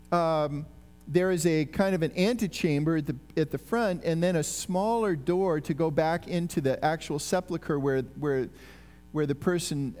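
A man giving a sermon, explaining a passage in a conversational, animated way with frequent restarts. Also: on the high side, in a large hall. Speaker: preacher.

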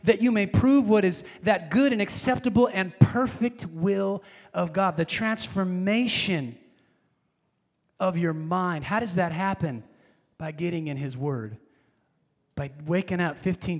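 A man in his thirties preaching a fervent sermon as pastor, swinging from hushed lines to loud emphasis. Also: high-pitched. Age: 30s. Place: large church hall. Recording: long hall reverb.

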